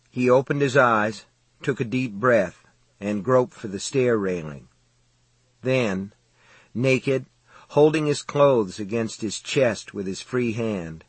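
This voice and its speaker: A man narrating a horror audiobook in a measured, suspenseful reading style, close to the mic. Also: fairly low pitch, breathy edge, no room sound.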